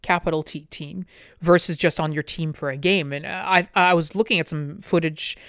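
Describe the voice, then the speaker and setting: A talkative woman in casual conversation, leaning on "like" as she tells stories and acts out what people said. Her voice sits a bit low, and the sound is dry and close with no room around it. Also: moderate pace, no echo. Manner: chatty, many "like" fillers, lively storytelling. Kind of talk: casual chat.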